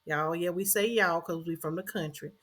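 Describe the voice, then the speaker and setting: Bright-voiced woman telling a story. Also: lowish voice, normal speed. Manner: earnest, repeats phrases for emphasis. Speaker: podcast host. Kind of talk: reflective personal storytelling.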